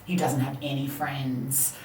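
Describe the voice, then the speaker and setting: Australian woman, thirties, low voice, earnest and reflective, echoey room. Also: flat delivery, unhurried, a little mellow. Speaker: podcast co-host. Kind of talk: casual chat. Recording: roomy, distant mic, faint background hum.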